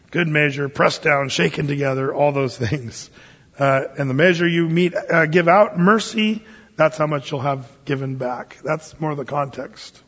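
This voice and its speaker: A man with a fairly high voice gives a relaxed, folksy Bible sermon with joking asides. His words ring out with a long reverb, as if he is in a large hall. The sound is muffled and lo-fi. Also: breathy edge. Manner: folksy, with humorous asides and slow scripture reading. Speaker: pastor. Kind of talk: conversational Bible teaching sermon.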